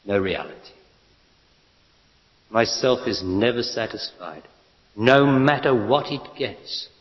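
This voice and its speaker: A man's voice: on the low side, lively intonation, slow pace. A man giving a spiritual talk to an audience, blunt and emphatic, asking rhetorical questions. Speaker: spiritual teacher. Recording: lo-fi echoey hall.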